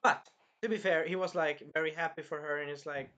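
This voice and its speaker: A man recapping an anime episode in an excitable, rambling way, jumping between plot points. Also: fairly high pitch, brisk, highs cut off. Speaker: anime reviewer.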